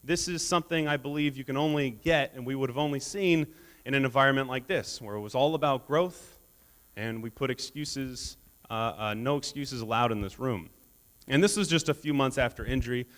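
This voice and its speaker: A man's voice: medium pitch, brisk, a bit bright. Man giving a keynote in a reverberant hall. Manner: humorous storytelling, laughs at his own jokes. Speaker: keynote speaker. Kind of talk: motivational keynote speech. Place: conference hall stage. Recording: long reverb of a large hall.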